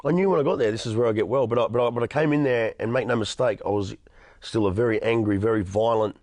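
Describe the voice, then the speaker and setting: A man's voice: medium pitch, fast, darkish tone, no echo. An Australian man in his thirties giving an earnest personal testimony in an interview, often stammering and restarting. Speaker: interview guest.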